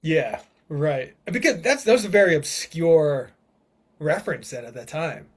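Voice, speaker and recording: A man co-hosting a podcast in relaxed, casual chat. His voice sits a bit high for a man, and his delivery is playful and full of laughter. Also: measured pace, husky. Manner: laughs often, playful, reads aloud from a screen. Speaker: podcast co-host.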